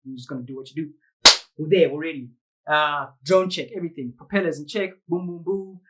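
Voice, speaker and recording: A man's voice: on the high side, brisk, heavy background noise. A man with a South African accent, a vlogger animatedly telling a story to the camera, full of slang and sound effects. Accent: South African English. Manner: lively, slangy, uses sound effects and quoted voices.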